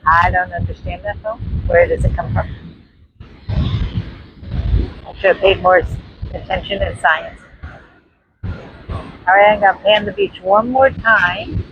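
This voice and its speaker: Filming her walk along a windy beach on a handheld phone, a vlogger with a New York accent narrates casually, treating viewers like friends. She speaks slowly in a lowish, steady voice and pauses often; the sound is lo-fi, with faint surf and wind.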